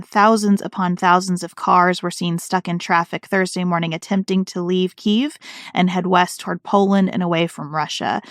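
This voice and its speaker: A woman's voice: lowish voice, no room sound. Earnest lady podcast host reading news quotes, dry studio sound. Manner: earnest, reads quotes aloud with emphasis. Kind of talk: political podcast discussion.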